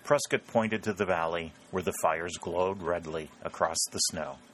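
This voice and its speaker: A man with a deep, low voice narrates an audiobook at a measured, steady pace. A faint hiss sits under the reading.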